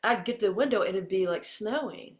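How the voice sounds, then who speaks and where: In an interview, a middle-aged Texas woman who was an Olympian and then a coach responds as a lively storyteller, voicing the quotes she relates. She speaks in a mid-range voice at a fairly quick clip.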